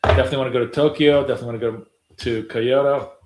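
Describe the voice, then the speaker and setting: A man's voice: medium pitch, steady tone, racing, darkish tone. A middle-aged man trading live on a stream, chatting casually, rambling and swearing offhandedly, with lots of fillers. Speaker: day trader streaming live. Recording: roomy, echoey room.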